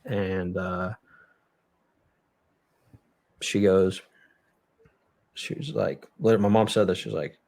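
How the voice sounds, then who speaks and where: A young man telling a story as a podcast guest, blunt and full of swearing, in a halting way. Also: low voice, level tone, creaky, a little mellow. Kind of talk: storytelling in a conversational interview. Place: podcast studio.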